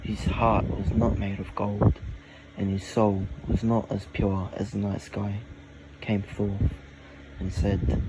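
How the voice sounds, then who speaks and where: A man improvising a fantasy story, talking slowly and haltingly in short phrases. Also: lowish voice, little pitch movement, heavy background noise.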